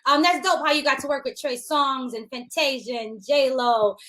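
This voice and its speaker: Woman podcast host, high-pitched, giggly and teasing. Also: moderate pace, a bit bright. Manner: laughs a lot, teasing. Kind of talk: casual interview chat.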